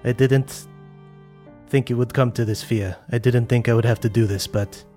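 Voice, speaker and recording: A man's voice: steady tone, dark tone, faint music behind, lightly acted. A man voicing a stern, fearful zealot father who condemns his daughter, in a tabletop game. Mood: grave. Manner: grave, low and halting.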